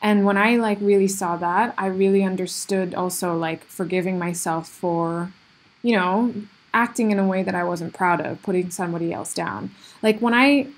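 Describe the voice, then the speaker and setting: Solo podcast host, woman, earnest and reflective, breathy tone, filler-heavy delivery. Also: mid-range voice, moderate pace. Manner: heavy use of "like" and "you know" fillers, earnest, self-reflective.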